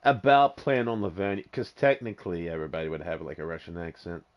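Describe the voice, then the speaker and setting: A man chatting casually on a podcast, excitable and laughing a lot. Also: deep voice, fast talker. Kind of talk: casual chat.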